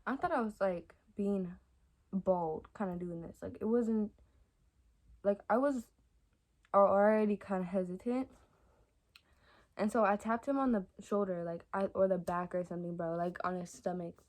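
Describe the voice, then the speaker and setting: A young adult woman vlogger telling stories to camera in a casual, rambling way, with lots of fillers and soft asides. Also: mid-range voice, fairly even intonation, moderate pace, long pauses. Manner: chatty and rambling, many fillers like "like" and "y'all". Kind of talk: casual storytime chat to camera.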